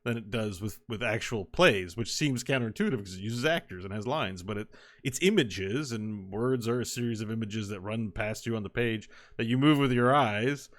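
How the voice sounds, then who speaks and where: A man's voice: lowish voice, moderate pace. A man co-hosting a podcast in casual chat, explaining things at length and drifting off on tangents. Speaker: podcast co-host.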